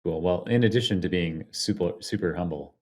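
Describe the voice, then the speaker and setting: Male podcast host, very deep voice, relaxed casual chat. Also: a little fast. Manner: short reactions, easygoing.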